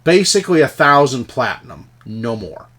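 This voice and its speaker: A man's voice: medium pitch, big pitch swings, normal speed, a bit bright, slightly rough. A game master voicing a shrewd male weapons dealer who talks bluntly and insistently in a tabletop game. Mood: stern.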